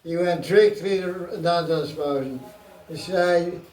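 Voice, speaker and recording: A man's voice: fairly high pitch, normal speed, darkish tone. A man giving a scripture class to a live audience in a playful, joking way, often breaking into laughter. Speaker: spiritual teacher. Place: room with an audience. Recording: roomy, mic far off.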